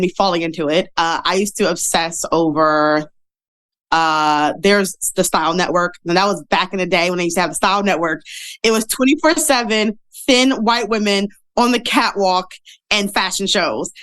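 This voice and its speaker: A woman with a fairly low voice chats through her stories in a casual interview. She acts out the people she quotes, jumping high in pitch for their lines, then drops back to her easy storytelling tone. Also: fairly bright tone. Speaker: podcast guest, model and speaker.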